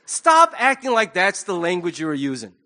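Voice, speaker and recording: A male pastor with a high, light voice delivers a sermon in a relaxed, conversational way. He jokes with the congregation and acts out little scenes as he goes. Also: normal speed. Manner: conversational and humorous, with acted asides. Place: church.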